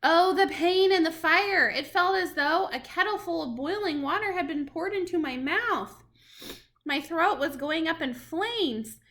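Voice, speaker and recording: A woman reading a storybook chapter aloud to children in an expressive, dramatic way. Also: very high voice, measured pace. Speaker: reader to children.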